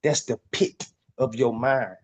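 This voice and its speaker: A man's voice: mid-range voice, slow. A man hosting a podcast, teaching on spiritual topics in a preachy way, reading passages aloud and repeating lines for emphasis, often stumbling over repeated words. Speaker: podcast host.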